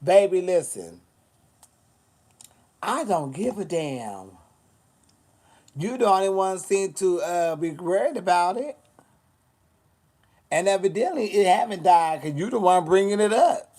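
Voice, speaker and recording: A man's voice: high voice, animated, a little slow, pauses often, darkish tone. A man chatting casually on a livestream, sassy and blunt, swearing a lot as he answers comments.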